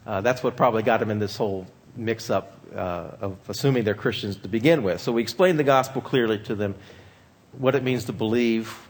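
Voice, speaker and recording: A man speaking as a pastor, giving a measured teaching talk on ministry with frequent pauses and fillers. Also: medium pitch, slightly rough.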